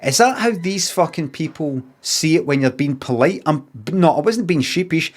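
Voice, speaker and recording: A man's voice: on the high side, animated. Sweary Scottish man ranting. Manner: swears freely, acts out both sides of arguments in quick asides. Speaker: streamer. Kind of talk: casual storytelling rant.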